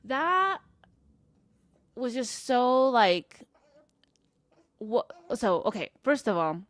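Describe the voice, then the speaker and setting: A woman's voice: a little high, big pitch swings, very slow, dry recording. A woman co-hosting a podcast, telling a story in a casual, frank way, with lots of fillers and swearing. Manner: frank and profane, with many fillers. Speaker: podcast co-host.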